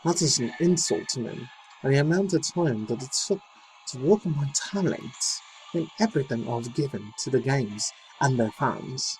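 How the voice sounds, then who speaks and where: A man voicing a woman, quoting her words in a put-on British accent, slow and earnest. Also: medium pitch, expressive, darkish tone, a little hiss or hum, natural voice, rough recording.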